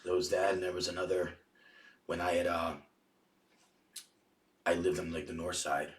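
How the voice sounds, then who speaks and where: A man, a podcast guest, telling rough stories in a rambling, profanity-heavy casual way. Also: sits low, level tone, moderate pace, recorded from a distance. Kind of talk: casual storytelling. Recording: echoey room, off-mic.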